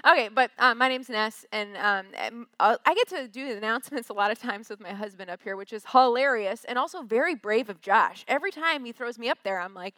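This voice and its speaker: A woman's voice: fairly high pitch, a little fast, pushed and bright, no echo. A young woman from Westchester, chatty and self-deprecating with many fillers, telling a personal story on stage.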